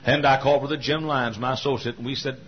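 An older man preaching a sermon, telling stories with fervor and building to loud cries. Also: mid-range voice, steady tone, quick pace. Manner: fervent storytelling preacher, rising to cries. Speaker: pastor. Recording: dull lo-fi sermon recording.

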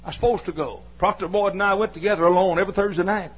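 A man's voice: high-pitched, steady tone, rapid-fire, slightly rough. An older man with a Southern American accent preaching a sermon, telling a folksy story and scolding his listeners now and then. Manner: folksy, scolds the audience, bursts into shouts. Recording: dull lo-fi sermon recording.

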